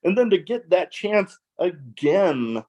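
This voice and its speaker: A man hosting a podcast in casual chat, reacting excitedly. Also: takes it slowly, muffled recording. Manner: excitable, swooping pitch. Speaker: podcast host.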